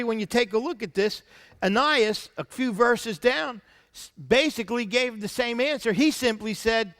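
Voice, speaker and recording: Preaching as senior pastor, a high-voiced man alternates his own points with scripture read aloud, now and then lowering to soft asides, all carried on a long reverb tail.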